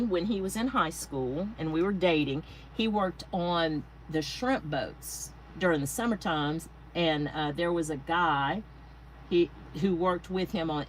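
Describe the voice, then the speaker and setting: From a home craft space, a woman with a low-pitched voice chats through a casual livestream, naming and thanking viewers between rambling tangents. The audio is poor, with slight background noise.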